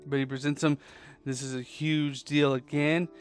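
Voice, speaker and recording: A man hosting a podcast, pitching a sports film as a casual, animated story and tossing in quick quoted voices. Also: faint music behind. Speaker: podcast host.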